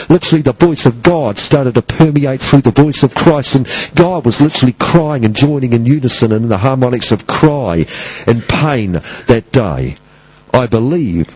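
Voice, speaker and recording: Husky-voiced man preaching a sermon. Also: mid-range voice, a little mellow, dry recording, highs cut off. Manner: emphatic, repetitive preaching cadence.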